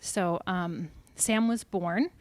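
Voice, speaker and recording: A young woman tells her family's faith story in a church pavilion. She speaks earnestly and pauses often with fillers. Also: fairly low pitch, no room sound. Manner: earnest, halting with many fillers. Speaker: mother sharing family testimony. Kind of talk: personal testimony.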